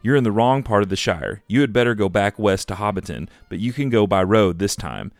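A man reading aloud as a grumpy old male hobbit farmer who tells his tale with slow relish. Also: fairly low pitch, expressive, no echo. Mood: defiant. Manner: drawn-out storytelling with relish.

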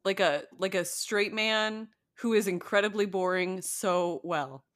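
A woman co-hosting a casual chat, playful and quick to laugh. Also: mid-range voice, fairly bright tone. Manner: playful, laughs often, acts out quotes. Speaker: podcast co-host.

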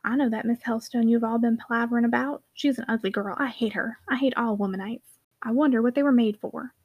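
A woman's voice: on the high side, fairly even intonation, quick pace, no echo, dull audio. Cocky scornful boy, sneering, read by a woman. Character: cynical, swaggering schoolboy.

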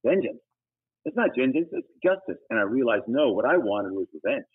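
Man, middle-aged, missionary guest, breathy voice, passionate testimony, sudden loud emphatic peaks, thin phone-quality sound. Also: very animated, a little fast. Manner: earnest and preachy, with sudden emphatic high bursts. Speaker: guest, humanitarian missionary leader. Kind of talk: personal testimony in conversation. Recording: tinny phone-like audio.

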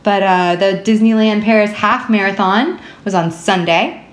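A woman's voice: medium pitch, measured pace. Woman podcast co-host, casual chat, bubbly, laughs a lot, roomy echoey room. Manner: bubbly, laughs often, chatty. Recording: roomy echo.

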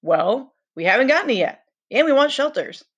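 A woman's voice: sits high, sing-song, normal speed, slightly rough, muffled recording, pitched above the performer's own voice, exaggerated voice. A woman reading the lines of a frustrated, earnest boy leader in a novel, with emphatic, exasperated delivery.

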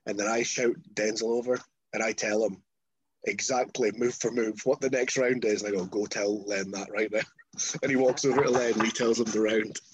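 Husky Scottish man telling a story. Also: medium pitch, brisk, dry recording, low-quality recording. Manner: animated, swears freely, acts out quotes. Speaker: wrestler guest. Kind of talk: casual storytelling.

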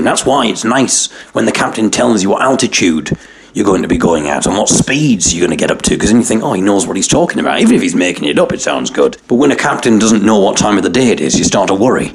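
A man with a lowish voice tells a comic story in a dry, wry way. His pitch swings widely as he plays up mock alarm. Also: gravelly. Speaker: podcast host.

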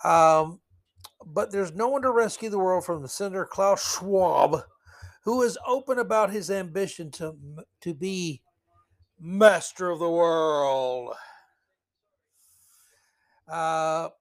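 Mocking male podcast host, slightly high voice. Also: measured pace. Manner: sarcastic, mocking, rambling asides. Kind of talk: solo commentary podcast.

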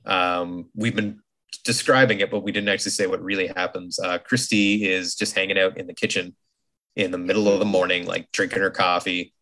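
A man in his thirties co-hosting a casual podcast, animated and acting out quotes in his stories. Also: low-pitched, fairly quick. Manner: animated storyteller, acts out quotes. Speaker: podcast co-host. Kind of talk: casual chat.

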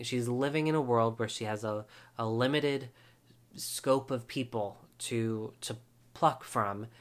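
A man's voice: medium pitch, a bit bright. A man hosting a podcast, recapping a reality show episode in a casual, chatty way with wry asides and frequent ums.

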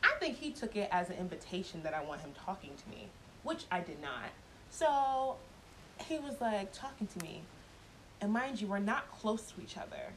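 A woman's voice: medium pitch, sing-song, normal speed, fairly bright tone, a little hiss or hum, rough recording. A woman telling a personal story in a casual vlog, blunt and profane, laughing often as she talks.

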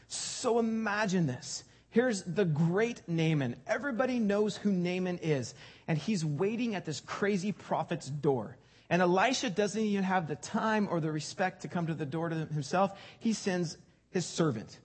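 A man's voice: high-pitched, lively intonation, a little slow, slightly rough. A male pastor preaching a sermon in a conversational way, often repeating words for emphasis.

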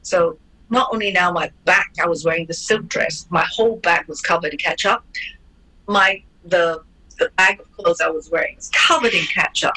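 Bright-voiced woman telling a story. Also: lowish voice, moderate pace, rough recording. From Hong Kong. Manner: lively, acts out quoted voices, frequent restarts. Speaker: interview guest, former ballerina. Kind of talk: animated personal storytelling.

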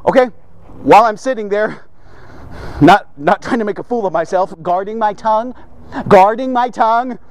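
A male devotional host with a strikingly high-pitched voice talks in a casual, energetic way. He repeats words for emphasis and breaks into friendly asides and little jokes. He is recording from a man cave at home. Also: moderate pace, long pauses. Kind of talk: casual daily devotional talk.

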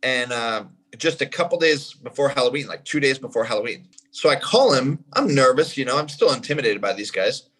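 A man who plays drums, telling a story in casual conversation in an animated way and acting out what people said. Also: medium pitch, fairly quick, breathy edge, low-quality recording. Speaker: guest, drummer.

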